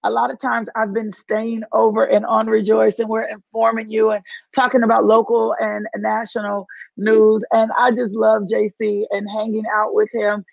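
Fervent Southern woman preacher, gravelly voice. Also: fairly high pitch, completely flat delivery, normal speed, darkish tone, no echo, muffled recording. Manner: fervent preaching, repeats phrases for emphasis. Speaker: women's ministry leader hosting a live stream. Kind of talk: live-streamed devotional and prayer.

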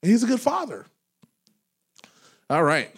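A man in his thirties, a pastor preaching a sermon, loud and animated as he tells stories with laughs. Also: sits high, unhurried, gravelly, slightly rough. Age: 30s. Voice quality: loud talker. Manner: animated storytelling with laughs and acted quotes. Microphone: handheld microphone held away from mouth.

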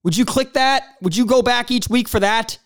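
A man's voice: very high-pitched, normal speed, no room sound, clean studio sound. A man hosting a podcast, talking in a blunt, profane casual monologue. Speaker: podcast host.

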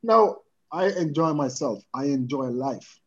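Podcast guest, man, lively and earnest with patois, higher-pitched voice, muffled lo-fi audio. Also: unhurried. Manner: animated, repeatedly checks in with the listener, mixes in patois. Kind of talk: casual chat. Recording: dull lo-fi sound.

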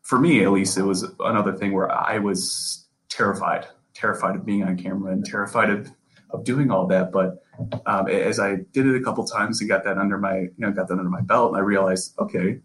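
A man's voice: fairly low pitch, steady tone, fairly quick, fairly bright tone, low-quality recording. A young man, a sports reporter, talking earnestly as a podcast guest, often repeating and restarting words. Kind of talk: casual interview conversation.

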